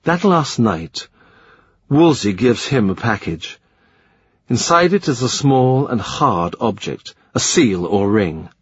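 A man narrating a historical novel in a measured, literary reading style. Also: medium pitch, big pitch swings, husky. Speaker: audiobook narrator. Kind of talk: scripted narration. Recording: slightly muffled dry recording.

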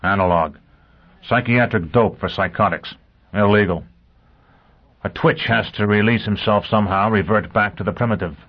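A hard-driven spaceman barks short, clipped orders and grunts his answers, as a male audiobook reader voices him. His voice sits fairly low and the recording sounds dull and lo-fi. It has the feel of a plain audiobook character reading. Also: normal speed, breathy edge. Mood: matter-of-fact.

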